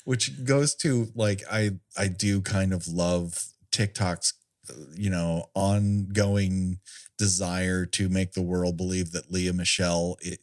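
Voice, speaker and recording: A man's voice: low-pitched, steady tone, slow, a little mellow. A man co-hosting a podcast, chatting casually and jokily about a film, laughing often. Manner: jokey, laughs often, slips into mock voices. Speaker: podcast co-host. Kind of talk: casual comedic film discussion.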